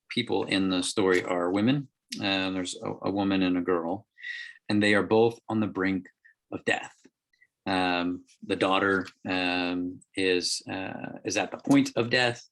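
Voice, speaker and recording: A man leading a Bible study over a group call, explaining scripture in a halting way with many ums and restarts. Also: deep voice, vocal fry, fairly bright tone. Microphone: call microphone.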